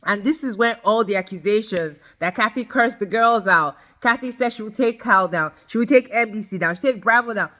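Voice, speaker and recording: A woman giving a ranting recap of a reality show, emphatic and blunt, swearing freely and talking straight to her viewers. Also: fairly high pitch. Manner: emphatic, animated, addresses viewers directly. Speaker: reality TV reviewer.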